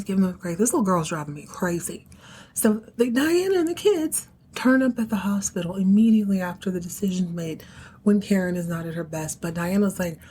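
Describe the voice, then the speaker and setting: Recapping a soap opera episode on her podcast, a woman with a lowish, slightly rough voice performs the characters' dialogue. Her casual storytelling is lively and full of emotion.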